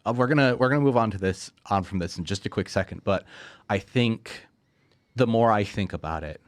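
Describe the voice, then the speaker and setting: A young man hosts a relaxed movie talk in a low voice, joking with heavy sarcasm and laughing often. The sound is dry and close to the mic. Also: brisk, no echo. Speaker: podcast host. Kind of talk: casual movie review chat.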